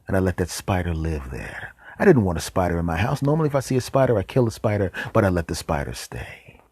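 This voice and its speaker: Deep-voiced man telling a comic story. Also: brisk, husky, no room sound. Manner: animated, with whispered deadpan asides. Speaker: show host.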